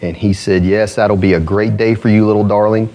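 Animated man preaching a sermon. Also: brisk, highs cut off. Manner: animated preaching, rising high on emphasis, drops low to tell a story. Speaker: pastor.

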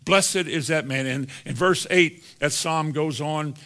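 Male preacher, somewhat high and ringing tone, stretches out verses, moves from hushed to forceful. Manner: slows down and drags out scripture quotes for emphasis; addresses the congregation directly, swinging from soft to emphatic. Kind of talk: sermon. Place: church in front of a congregation.

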